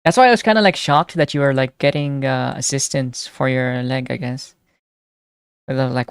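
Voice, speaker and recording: A young woman live streamer chatting casually with her viewers, reading their messages aloud and reacting excitedly. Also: a bass voice, normal speed, clean tone, dry recording, studio quality. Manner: chatty, reads chat aloud and answers it, excitable.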